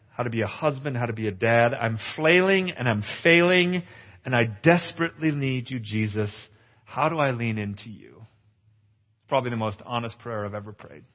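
Earnest 40s pastor preaching to a conference crowd, tossing out jokes, sound's a bit muffled and echoey. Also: male voice, mid-range voice. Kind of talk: testimonial sermon. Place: conference hall. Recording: echoey hall, slightly dull.

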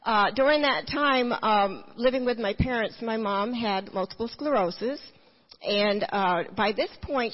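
Husky woman giving a church testimony. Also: medium pitch, big-room sound, lo-fi sound. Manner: earnest storytelling with restarts. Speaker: testimony speaker.

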